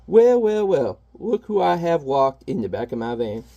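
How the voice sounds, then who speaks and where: A man's voice: fairly high pitch, big pitch swings, normal speed, warm tone, muffled recording. A man putting on a raised voice for a petty, mocking comic-book villain, bragging and whiny. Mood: sneering.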